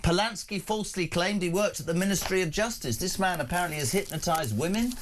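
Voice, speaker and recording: A male breakfast radio host who talks at a rapid clip in a slightly raised voice, blunt and fired up. He jumps in with short interjections, and a faint hiss sits behind him. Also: high voice, a bit bright. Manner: blunt, heated, quick interjections. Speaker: radio talk show host. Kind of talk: live breakfast talk radio.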